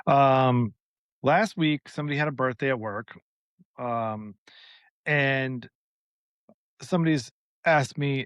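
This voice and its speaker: A man cohosting a podcast, telling an exasperated, animated story in casual chat with plenty of swearing. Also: mid-range voice, measured pace, pauses often, dry recording. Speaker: podcast co-host.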